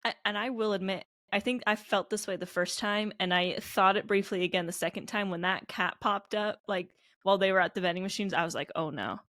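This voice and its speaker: A woman's voice: mid-range voice, fairly even intonation, fairly quick, a bit bright, dry recording, clean studio sound. A woman co-hosting an anime podcast, talking casually with lots of "like" and trailing thoughts. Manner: casual, rambling, many "like" fillers. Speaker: podcast co-host.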